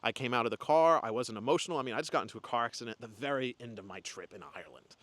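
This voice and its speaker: A young spiritual content creator talks casually and earnestly to camera about his year, rambling with fillers and restarts in a reflective vlog. His mid-range voice has a fairly bright tone and races along. There is no echo.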